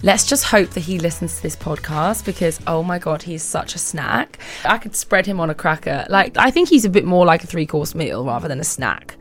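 A giggly woman answers questions in a loose, chatty way. Her pitch leaps around, and she keeps breaking into laughter and quick put-on voices. Soft music plays faintly behind her. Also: expressive. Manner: bubbly, laughs often, acts out little voices. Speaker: interview guest, model. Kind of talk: casual chat answering questions.

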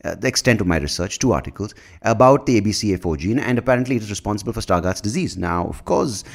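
A man's voice: fairly low pitch, expressive, fast talker, vocal fry. A man hosting his own podcast in a casual, rambling monologue, self-mocking, swearing freely and tripping over his words. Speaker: podcast host.

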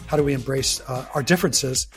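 Male guest, reflective, searching for words, mid-pitched voice. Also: fast talker, creaky, a bit bright, soft background music. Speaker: interview guest. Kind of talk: reflective interview talk.

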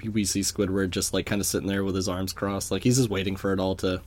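A man's voice: low voice, level tone, fast talker, a little mellow. A man co-hosting a casual podcast, laid-back and joking, laughing often. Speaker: podcast co-host. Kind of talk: casual chat.

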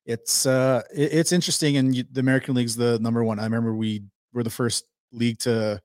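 A man guesting on a sports talk show as a hockey coach, talking in halting bursts with restarts. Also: medium pitch, fairly even intonation, dry recording. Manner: halting, restarts words, eager.

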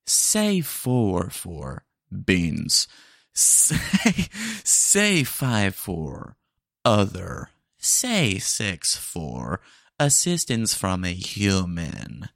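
A man's voice: lowish voice, creaky, dry recording, clean studio sound, full character voice. A man voicing a stiff, overly formal AI drive-thru ordering assistant in a comedy bit on a podcast. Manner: slow, overly formal, announcing.

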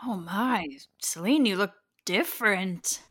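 A woman playing her character at a tabletop game, speaking with hesitant, halting restarts. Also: mid-range voice, lively intonation, a bit bright, breathy edge. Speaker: player.

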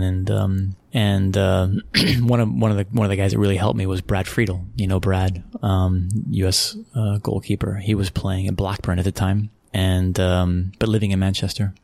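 A man's voice: low voice, creaky, darkish tone, dry recording. An American man from Texas telling stories in a casual interview, rambling with restarts and frequent chuckles. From Texas, USA. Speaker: interview guest, football club executive.

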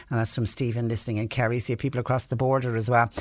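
A woman hosting a radio show, reading out listener messages and chatting in a lively way on a studio mic. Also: very deep voice, brisk, few pauses, no echo. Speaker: radio host.

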